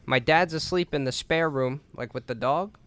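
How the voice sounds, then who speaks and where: A young man co-hosting a podcast, telling a story in a lively, casual way with lots of swearing and filler words. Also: fairly high pitch, moderate pace, smooth, dry recording. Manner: animated, swears a lot, says "like" and "dude". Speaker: podcast co-host.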